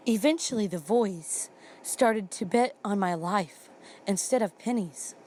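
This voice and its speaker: A woman's voice: mid-range voice, a little slow, a little mellow, a little hiss or hum. A young woman vlogger telling spooky stories while she does her makeup, talking in a casual, blunt way and swearing now and then.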